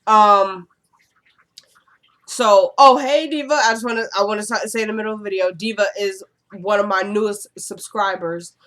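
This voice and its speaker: A woman casually recapping a TV episode for her channel, chatty and digressive, getting animated when she gives her opinions. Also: mid-range voice, normal speed. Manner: chatty and digressive, often says "you know what I'm saying".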